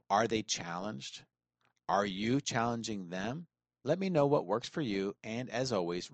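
A man's voice: fairly low pitch, dry recording. A man gives coaching advice in a recorded segment and asks the listeners questions.

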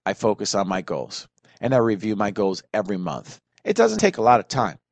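A man's voice: lowish voice, big pitch swings, brisk, gravelly, no room sound. Man giving firm leadership advice. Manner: earnest, direct motivational advice. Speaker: leadership coach. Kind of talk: advice segment.

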